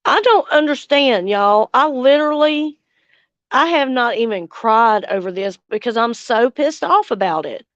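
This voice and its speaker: A woman's voice: fairly high pitch, expressive, unhurried, a bit bright, no echo, highs cut off. A woman, hosting a casual livestream chat, angry and blunt, swearing heavily and answering viewers' comments. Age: 40s. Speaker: livestream host.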